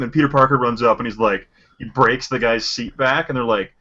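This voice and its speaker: A man co-hosting a casual podcast chat, joking and animated. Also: medium pitch, fast, dull audio. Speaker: podcast co-host.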